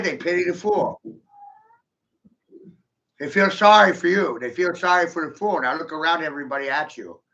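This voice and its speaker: A man's voice: fairly high pitch, bright, forceful tone, dull audio. A man delivering a rambling, profane monologue in a provocative manner, laughing often between points. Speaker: vlogger.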